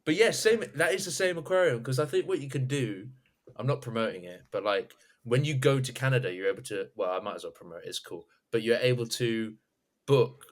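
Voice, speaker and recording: A young man from London with a London accent, co-hosting a casual podcast chat, animated and quick to laugh. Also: medium pitch. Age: young adult. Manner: animated, laughs often, acts out others' lines. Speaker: podcast co-host.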